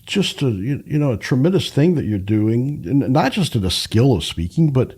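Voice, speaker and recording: A male radio host asks the guest long questions, finding his words as he goes. His voice is mellow and dark, with a slightly husky edge and a mid-range pitch. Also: big pitch swings, moderate pace. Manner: hesitant, many fillers and restarts. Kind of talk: interview.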